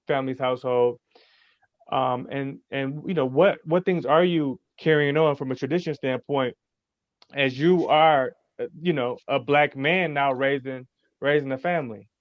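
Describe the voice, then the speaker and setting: A man moderating a panel conversation, framing questions in a measured way with hesitant fillers. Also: medium pitch, no echo. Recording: dull, dry recording.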